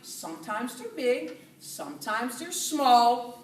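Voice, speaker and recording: A Dutch-accented woman in her fifties talks to a group in a lively, chatty way, laughing easily. Her pitch sits a little high and swings widely. She is recorded from a distance in an echoey room. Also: slow. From southern Netherlands. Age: 50s. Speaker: speaker giving a talk to a group. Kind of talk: casual talk to an audience.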